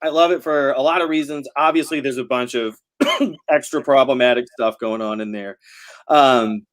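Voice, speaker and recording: Brief: male, mid pitch, rambling casual chat, laughs a lot, video-call mic. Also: normal speed. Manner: rambling, laughs often, many fillers. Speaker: novelist guest.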